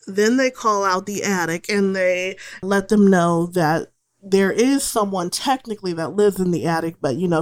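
Young woman host, casual film recap, profane and sarcastic delivery. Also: mid-range voice.

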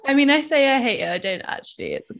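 A woman's voice: high-pitched, gravelly, fairly bright tone. A woman in her late twenties co-hosting a podcast, chatting casually and laughing often. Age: late 20s. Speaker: podcast co-host. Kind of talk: casual chat.

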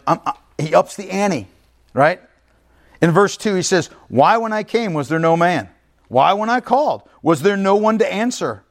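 A male pastor preaching an emphatic, conversational sermon, often checking in with his listeners. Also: high-pitched. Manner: emphatic, conversational preaching with frequent "right?" asides.

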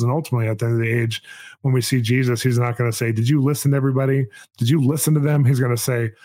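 A man's voice: mid-range voice, darkish tone. A man hosting a podcast, sharing his personal faith testimony in an earnest storytelling way with frequent restarts. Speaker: podcast host.

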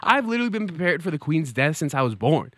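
A young man hosts a comedy show, riffing through a monologue. His pitch runs slightly high and leaps around a great deal. The sound is dry and close. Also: quick pace, dry recording. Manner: animated, joking, swings into put-on voices. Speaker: host. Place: New York City.

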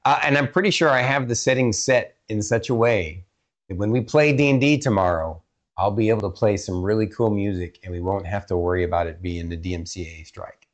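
A man's voice: fairly low pitch, a little fast. A man from Texas co-hosting a casual podcast chat, chatty and prone to restarts. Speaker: podcast co-host.

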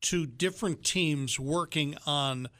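A man's voice: on the high side, slow, fairly bright tone. A man co-hosting a casual chat, asking dry, teasing questions. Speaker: co-host.

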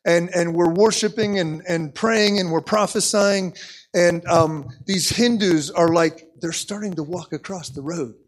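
Animated high-voiced male preacher. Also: a little slow. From United States. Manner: animated, repeats words, frequent "okay?". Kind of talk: sermon storytelling.

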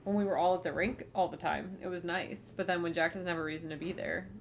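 A young woman talks in loose, animated podcast banter, her voice sitting a little low for a woman. She leans on "like" and drops casual swears as she tells family stories. A faint rumble hums under the recording. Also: fast. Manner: chatty, animated storytelling with frequent "like" and swearing. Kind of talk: casual chat.

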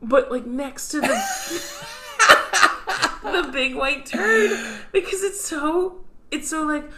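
A woman's voice: high-pitched, slow pace. A woman co-hosting a podcast in casual, joking chat, laughing often and putting on silly voices to quote a cartoon. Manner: animated, laughing, mimics characters in exaggerated voices. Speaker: podcast co-host.

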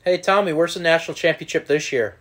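A young man co-hosting a casual sports podcast, teasing his partner and quick to laugh. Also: fairly high pitch, a bit bright. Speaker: podcast co-host.

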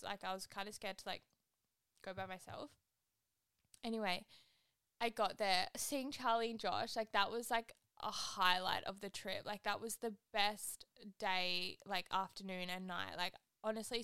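A woman's voice: mid-range voice, steady tone, normal speed, pushed and bright, clean tone, no room sound. A young woman hosting a solo podcast. She chats and rambles casually, saying "like" constantly. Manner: chatty, rambling, heavy use of "like". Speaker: podcast host.

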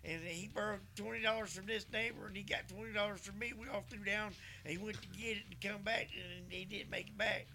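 A man hosting a podcast, retelling a story in a profane, animated way and quoting himself often. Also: high voice, a little fast, gravelly, few pauses, background noise. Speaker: podcast host. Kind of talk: casual storytelling chat.

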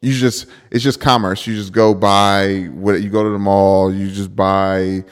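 A man co-hosting a podcast, riffing quickly in casual chat and dropping in pop-culture asides. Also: sits low, level tone, clear, resonant tone, in a large hall. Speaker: podcast co-host.

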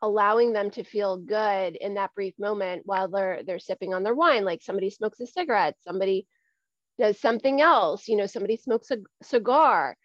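A woman's voice: mid-range voice, fairly quick, no echo. Candid woman guest on dull lo-fi audio. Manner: earnest, repeats words as she thinks. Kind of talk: candid conversational interview. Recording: dull lo-fi recording.

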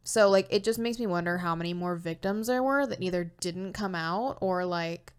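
A woman's voice: fairly low pitch, moderate pace, clean tone. A young woman co-hosting a true-crime podcast, talking emotionally, swearing and saying "like" constantly. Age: young adult. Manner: emotional, swears, says "like" a lot. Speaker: podcast co-host.

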